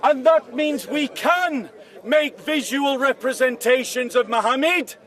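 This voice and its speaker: Man, very high voice, street speaker shouting to a crowd, heard from a distance outdoors. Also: measured pace. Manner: shouts repeated accusing questions to a crowd. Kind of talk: open-air debate speech. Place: outdoor park speaking area. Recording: distant mic, crowd around.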